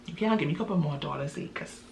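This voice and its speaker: A woman storyteller voicing a broke young man who smooth-talks and begs for money, in a quick pleading ramble. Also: sits low, lively intonation, a little mellow. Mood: wheedling.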